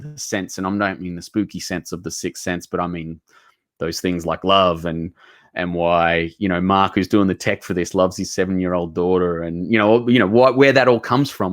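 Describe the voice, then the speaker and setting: An Australian author talks in a lowish voice, earnest and heartfelt, circling back and restarting his sentences as he tells his stories. The sound is dry and close, with no room in it. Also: fairly bright tone, no echo. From Southeast Queensland, Australia. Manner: earnest and heartfelt, rambling with many restarts and casual swearing. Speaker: author guest. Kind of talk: casual storytelling conversation.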